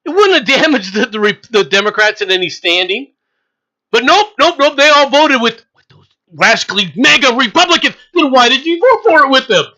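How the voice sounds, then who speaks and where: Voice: sits high, expressive, moderate pace, bright, forceful tone, low-quality recording. A political commentator ranting in a sarcastic, mocking way, hammering points home with repetition and scornful laughter. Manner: emphatic, repeats points over and over.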